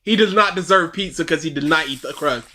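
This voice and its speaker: A man's voice: a little high, fairly quick, sharp tone. A man co-hosting a casual reaction chat, mocking and laughing as he comments. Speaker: co-host reacting to video.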